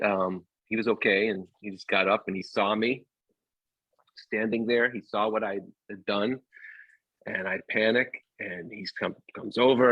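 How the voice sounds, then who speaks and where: A man with a fairly low voice tells a personal story, halting and full of fillers and restarts. The sound is dry and a little muffled, as from a played clip. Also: dry recording. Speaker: guest storyteller.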